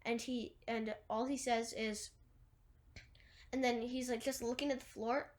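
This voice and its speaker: A woman's voice: fairly high pitch, level tone, measured pace. A woman casually retelling a movie plot, rambling through long chains of "and then" and fillers, with wry asides. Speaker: movie recapper.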